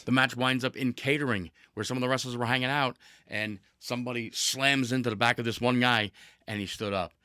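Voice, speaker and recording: Man, podcast host, bright tone, dry close sound, animated storytelling, casual chat. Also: medium pitch, a little fast, dry recording. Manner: animated storytelling with laughs and restarts.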